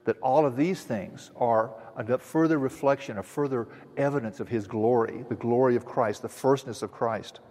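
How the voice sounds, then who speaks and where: A man preaching an expository sermon, earnestly teaching and slowing down to stress quoted verses. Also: medium pitch, a little mellow, long reverb tail. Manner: earnest teaching, with frequent restarts and slow emphatic quotes. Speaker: pastor.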